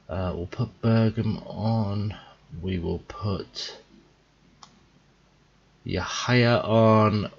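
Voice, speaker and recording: A tired young man thinking out loud in a rambling, casual commentary as he plays a game. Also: fairly low pitch, breathy edge, highs cut off. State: tired, yawning. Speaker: gaming video host. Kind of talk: casual let's-play commentary.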